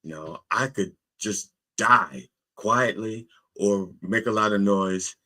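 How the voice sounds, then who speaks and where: A man's voice: fairly low pitch, slow pace, bright, forceful tone. A man voicing a desperate shipwrecked man who pleads with God, in a raised, strained voice. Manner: pleading, then singing joyfully.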